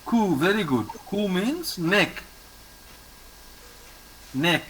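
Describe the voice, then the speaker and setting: A man's voice: high-pitched, lively intonation, drawn-out words, fairly bright tone, a little hiss or hum, poor audio. A man teaching a French lesson. He repeats words patiently and praises his student often. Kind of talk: online language lesson with a student.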